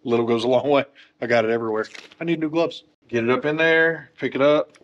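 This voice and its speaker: A man's voice: mid-range voice, steady tone, fast, muffled recording. A man working as a motorcycle technician, talking through a wheel install in a workshop with joking, self-deprecating asides. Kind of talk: casual how-to tutorial.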